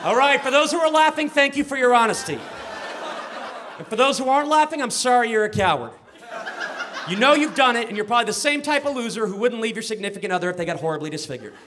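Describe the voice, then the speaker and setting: A man's voice: very high-pitched, animated, quick pace. A man doing a brash, crude stand-up set on a club stage, chuckling at his own jokes. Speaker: stand-up comedian. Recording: noisy live club recording.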